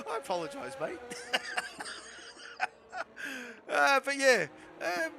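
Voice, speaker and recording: A young man giving chatty, excitable live commentary on an online racing league, laughing often and talking to viewers in chat. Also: very high-pitched, extremely slow, vocal fry, over loud music. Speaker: esports race commentator.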